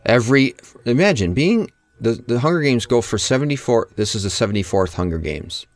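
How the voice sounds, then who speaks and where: A man's voice: medium pitch, expressive, a little fast, no echo. A man co-hosting a podcast, chiming in casually while discussing a movie. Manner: chatty, chiming in with comments. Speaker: podcast co-host. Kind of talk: casual movie recap chat.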